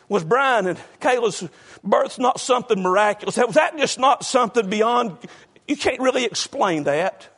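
Husky-voiced preacher guy in his 50s, really high pitched, gets loud and fired up, calls on the brothers by name. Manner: impassioned, calls out congregation members by name, swings from soft to shouting. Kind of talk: fervent sermon.

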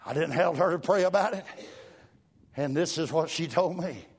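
A man's voice: a little high, normal speed, husky. An older man preaching a fervent revival sermon in a church. He speaks in rhythmic bursts and puts an "uh" before nearly every phrase. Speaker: guest preacher.

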